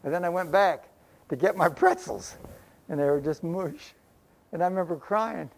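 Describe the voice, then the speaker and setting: A man's voice: high voice, sing-song, moderate pace, gravelly. An older man preaching a sermon in a folksy, conversational way, mixing scripture with homespun stories. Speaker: pastor.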